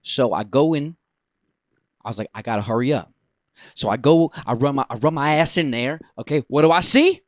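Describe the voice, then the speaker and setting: Man, podcast co-host, casual storytelling, lively swinging pitch, dry close sound, swears when worked up. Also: normal speed, no echo. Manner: animated, gets worked up and swears.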